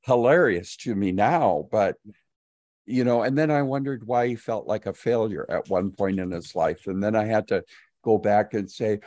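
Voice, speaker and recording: A man's voice: on the low side, normal speed, a little mellow, no room sound. A man hosting a podcast, talking reflectively about his own parenting. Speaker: podcast host. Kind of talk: casual podcast conversation.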